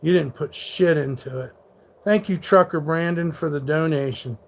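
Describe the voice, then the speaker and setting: A man in his thirties streams live, answering his chat in a fairly high voice. He talks back hard at trolls, swearing freely and sounding combative. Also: normal speed, gravelly. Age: 30s. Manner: combative, profane, rants back at hecklers. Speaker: livestreamer.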